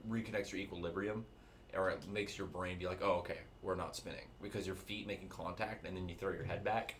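A young man with a lowish voice chats loosely on a podcast. He swears easily and explains things at length. Faint noise hums under the recording. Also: fairly bright tone. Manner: loose, profane, explains with tips. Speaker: podcast co-host. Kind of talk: casual chat.

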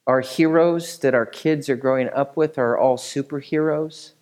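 A man's voice: mid-range voice, fairly even intonation, normal speed, darkish tone. A male pastor delivering a sermon in an easygoing, conversational manner. He explains the passage with frequent asides and checks in with his listeners, never stiff or formal. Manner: casual, conversational teaching with fillers and asides.

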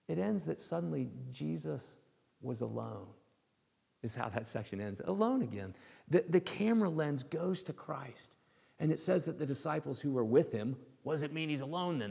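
Gravelly-voiced preacher in a hall. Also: male voice, on the high side, lively intonation. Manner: emphatic, slows down and drops to a hush on key words. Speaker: pastor. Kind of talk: sermon. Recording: long hall reverb.

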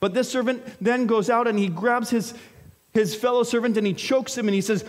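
A man's voice: very high-pitched, fairly even intonation, fairly quick. A man preaching a sermon in a conversational way, explaining with everyday examples. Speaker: pastor.

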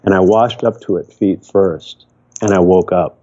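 A man's voice: sits low, a little slow, warm tone. An older man from Michigan, a podcast guest, telling a personal story in an earnest, rambling way with frequent restarts. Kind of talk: reflective storytelling. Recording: dull lo-fi remote audio.

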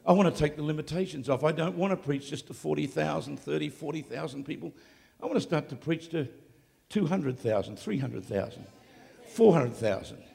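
A man preaching live to a congregation, moving between hushed storytelling and loud, shouted declarations. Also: fairly high pitch, gravelly, big-room sound. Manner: swings from quiet storytelling to shouted exclamations. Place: large hall, live event.

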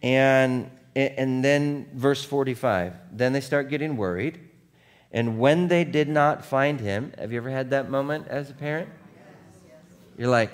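A male pastor preaches a sermon conversationally in an unhurried, mid-range voice. He frequently checks in with the congregation using "right?" and "okay?" and acts out scripture scenes with voiced quotes.

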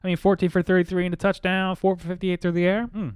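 A man co-hosting a casual fantasy football chat, profane and quick with stats. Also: high-pitched, level tone, smooth, dry recording. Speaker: podcast co-host.

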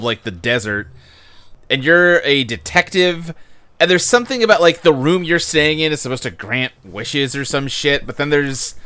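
Bright, clear-voiced male podcast host. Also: fairly high pitch. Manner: rambling, swears casually, lots of fillers. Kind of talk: casual chat.

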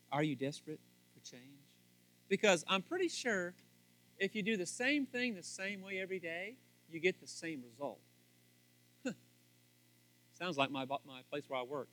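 A man preaching a sermon on marriage, swinging from quiet asides up to loud, fervent emphasis. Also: lively intonation, moderate pace, pauses often. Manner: rising to loud fervent emphasis, then dropping low; acts out little scenes in voices. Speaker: pastor.

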